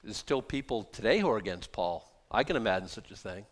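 A middle-aged male pastor preaching a sermon in a conversational, animated way, reading scripture slowly and then paraphrasing it casually, with sudden loud bursts. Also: on the low side.

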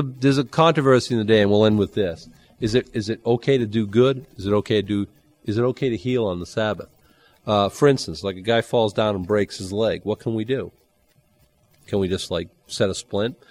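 A man preaching a Bible-teaching sermon, conversational and animated, with dry humor and sudden jumps in pitch. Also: a little fast, no room sound. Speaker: pastor.

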